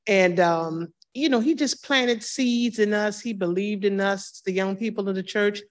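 A woman's voice: mid-range voice, a little slow. A woman in her fifties, a church member, telling personal memories of her pastor and acting out the dialogue with laughs. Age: 50s. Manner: warm storytelling, acts out dialogue with laughs. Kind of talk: personal testimony at a reading circle.

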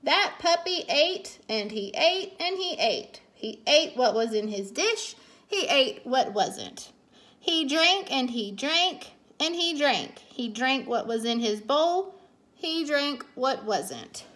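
A woman teacher reads a children's picture book as a bedtime story, warm and expressive, giving the characters their own voices. Her voice is high and she takes it slowly.

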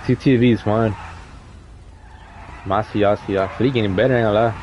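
A man's voice: lowish voice, steady tone, a little fast, darkish tone, slight background noise. A young man hosting a live game car meet, talking in loose slang and calling players in by name. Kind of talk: casual live-stream commentary.

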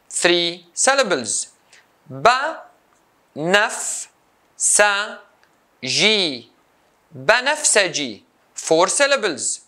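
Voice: medium pitch, sharp tone. A language teacher giving a recorded lesson, saying each example word twice and then explaining it.

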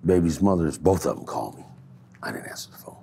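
A man in a candid street interview, speaking in a low-key, reflective way and swearing freely. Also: very animated, quick pace, vocal fry, dark tone, a little hiss or hum.

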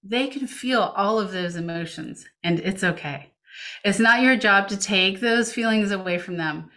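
This woman speaks at a medium pitch, unhurried, with a bright and forceful tone. Hosting a remote parenting webinar from home, she reassures parents as she coaches them and reads their chat questions out loud through her computer's video-call mic.

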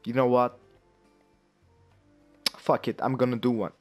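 A man giving live commentary while playing a fighting game, cursing constantly and swinging from low muttering to angry yelling. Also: flat delivery, unhurried, soft background music. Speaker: gamer.

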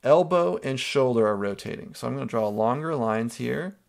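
A man with a gravelly, creaky edge to his voice, pitched at an ordinary middle height for a man. He talks a class through a drawing exercise one step at a time, stopping often to check in with an "okay?". It sounds like a teacher's screen-recorded tutorial. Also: lively intonation, moderate pace. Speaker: art teacher.

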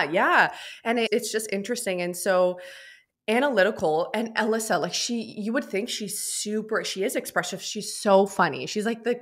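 A young adult woman, a business mentor and podcast guest, talking in a chatty, animated way and slipping into little voices for anecdotes. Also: lowish voice. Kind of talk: casual interview talk.

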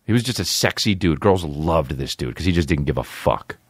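A man in his thirties hosting a comedy podcast, telling wild, foul-mouthed stories. His pitch leaps all over as he acts out other people's voices. The sound is dry and close to the mic. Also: a little fast, no echo. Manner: animated, swears constantly, acts out voices. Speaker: podcast host. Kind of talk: profane comedic storytelling.

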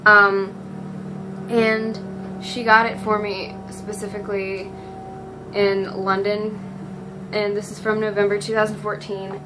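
A woman's voice: mid-range voice, little pitch movement, slow pace, long pauses, music in the background, poor audio. A teenage girl vlogging casually, rambling and gushing with lots of ums. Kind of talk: casual fan vlog.

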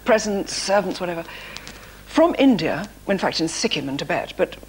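A woman, a talk-show guest, telling animated, self-mocking anecdotes in a TV studio. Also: on the low side, normal speed, a little hiss or hum. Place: TV studio before an audience.

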